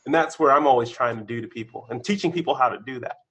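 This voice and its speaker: A man, a guest on a podcast, telling candid stories about his career, his voice shooting up when excited and dropping low when reflective. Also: quick pace, slightly rough. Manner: animated storyteller, bursts of excitement, then drops low. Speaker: podcast guest, senior engineer. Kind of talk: candid conversational interview.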